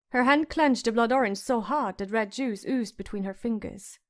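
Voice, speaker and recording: A woman narrating a fantasy audiobook in a measured storytelling manner. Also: a little high.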